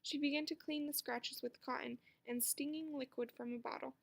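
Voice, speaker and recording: A woman reading a children's book aloud with expressive storytelling. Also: sits high, normal speed, creaky. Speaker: narrator.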